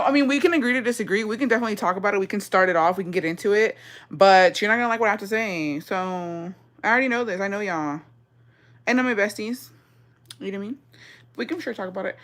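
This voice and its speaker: A woman's voice: mid-range voice, fairly bright tone. Young woman ranting emotionally to viewers. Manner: emotional, profane, rambling. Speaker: vlogger. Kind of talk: casual chat to viewers.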